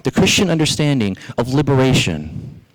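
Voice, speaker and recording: Brief: Southern male preacher, middle pitch, lively storyteller who speaks straight to his congregation. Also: normal speed, low-quality recording. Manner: animated storytelling, addresses the congregation directly. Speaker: pastor. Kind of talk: sermon.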